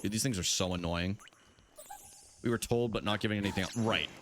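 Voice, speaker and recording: A man's voice: fairly low pitch, fairly quick, a bit bright, a little hiss or hum. A young man chatting casually with his live-stream chat while playing, swearing freely.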